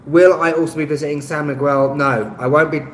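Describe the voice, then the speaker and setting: A man from West London with a West London accent, hosting a live stream and reading out viewer comments in a relaxed way with lots of ums. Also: on the high side, brisk. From West London, England. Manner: relaxed, many ums, chuckles at himself. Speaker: YouTube travel channel host. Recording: echoey room, faint traffic noise.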